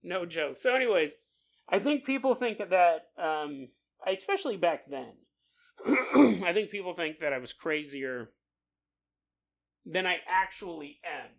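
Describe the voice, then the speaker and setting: A man hosting a podcast livestream, telling stories in a casual, animated way and laughing often as he reads listener comments. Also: high-pitched, measured pace, vocal fry, pauses often. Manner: animated storyteller, laughs often mid-sentence. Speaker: podcast host.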